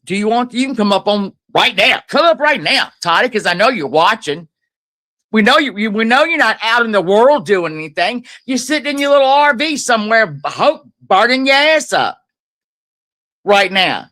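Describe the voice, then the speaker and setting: A woman's voice: on the high side, very animated, unhurried, fairly bright tone. A woman ranting angrily on a livestream as a guest, profane, confrontational and taunting. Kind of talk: angry livestream rant.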